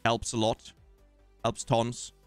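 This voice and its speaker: A man's voice: medium pitch, completely flat delivery, slow, clean tone, no echo, soft background music. A man with a Swedish accent hosting a live game stream, casually joking and thanking viewers. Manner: jokey, rambling, thanking viewers. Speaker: streamer host.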